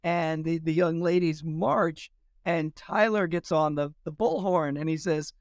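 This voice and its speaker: A male historian telling lively anecdotes in an interview, acting out quoted dialogue as he goes. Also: fairly high pitch, a little slow, no room sound, studio quality. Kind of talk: storytelling in an interview.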